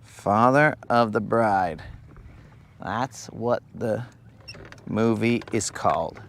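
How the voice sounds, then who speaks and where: Out on a lake in a boat, a young fishing livestream host keeps up slow, meandering chatter and cracks jokes. His voice is lowish and creaky, and the recording carries a little hiss or hum.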